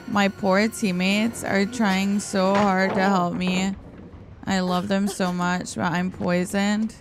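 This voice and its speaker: A woman streamer with a hoarse, tired morning voice, chatting and giggling casually while she plays and reads her chat aloud. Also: mid-range voice, level tone, takes it slowly. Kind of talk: casual gameplay livestream chat. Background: faint background music.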